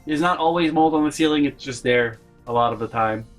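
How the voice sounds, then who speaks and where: A man's voice: a little high, brisk, faint music behind. A man in his bedroom telling a casual, exasperated story with sardonic asides and lots of swearing. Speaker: vlogger.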